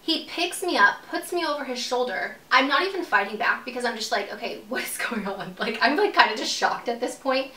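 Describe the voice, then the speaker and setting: A woman's voice: high-pitched, expressive, fairly quick, few pauses, bright, forceful tone. A young adult woman telling a storytime vlog in a casual, profane way, full of "like". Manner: casual, profane, heavy use of "like". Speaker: vlogger. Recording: echoey room, mic at a distance.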